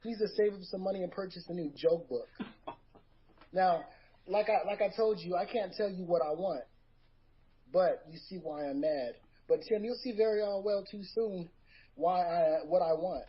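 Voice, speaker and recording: High-voiced man ranting a boastful promo. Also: moderate pace, husky, dull audio. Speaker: podcast guest. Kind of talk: mock wrestling promo.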